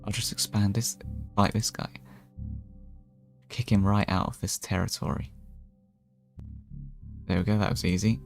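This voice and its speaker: A man with a low, gravelly voice chats his way through a strategy game as a VTuber persona. He rambles and often restarts his sentences. The delivery is loose and casual. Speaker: VTuber streamer. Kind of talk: casual gameplay commentary in character.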